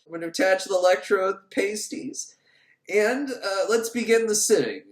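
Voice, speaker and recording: A podcaster putting on a pompous, excitable male scientist who yells in high squeals, in an echoey room. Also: moderate pace, lightly acted.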